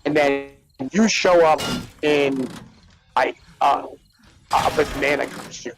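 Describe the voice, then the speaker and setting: A man co-hosting a casual chat show, retelling comedy bits in an animated, profane way with lots of "like" and "right?". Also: on the high side, slow pace, creaky, faint music behind, poor audio. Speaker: podcast co-host.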